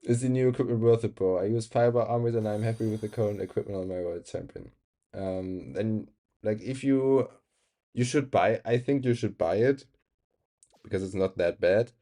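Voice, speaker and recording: A man's voice: fairly low pitch, normal speed, dark tone. A young man with a German accent, a non-native speaker, chatting casually on a live game stream, reading chat aloud and laughing often.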